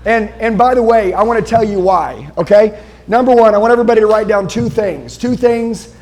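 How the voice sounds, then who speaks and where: A man giving a live motivational speech to an audience in an indoor venue, intense, urgent and profane, often yelling. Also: sits high, a little fast. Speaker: motivational speaker.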